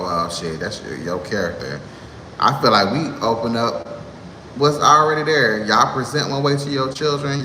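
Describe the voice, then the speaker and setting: A man in his thirties vents in a sassy, exasperated rant. His voice is bright and pointed. A roomy space with a long reverb tail and faint background noise carries it. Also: mid-range voice. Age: 30s. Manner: sassy, exasperated ranting with laughs. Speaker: vlogger. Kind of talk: heated monologue to camera.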